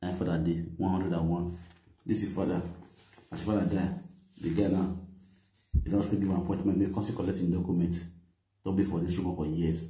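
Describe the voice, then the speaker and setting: A man's voice: sits low, level tone, brisk, pauses often, warm tone, reverberant. A middle-aged man speaking Nigerian Pidgin English, animatedly telling a story with quoted dialogue and frequent laughter. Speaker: vlogger. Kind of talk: casual storytelling to camera.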